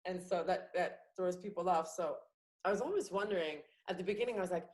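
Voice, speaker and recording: A young woman comedian from France with an international English accent, chatting on a podcast, lively with many fillers and restarts. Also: fairly low pitch, fairly quick, rough recording. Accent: international English, no French accent. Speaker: comedian and actress guest. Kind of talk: casual podcast chat.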